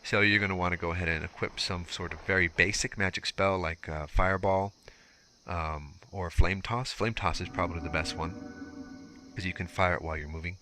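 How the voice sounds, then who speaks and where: A man's voice: low-pitched, steady tone, brisk, pushed and bright, faint music behind. A young man giving casual, explanatory walkthrough commentary over gameplay, with filler words as he goes. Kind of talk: let's play walkthrough commentary.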